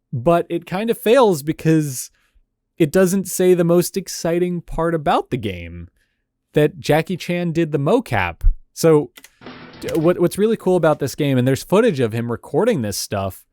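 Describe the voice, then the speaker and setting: A man with a slightly high, mellow voice hosts a casual reaction video, thinking aloud about old game commercials and analyzing the retro ads. He leans on "like" and "you know" and chuckles between remarks. The recording is studio quality, with no room sound.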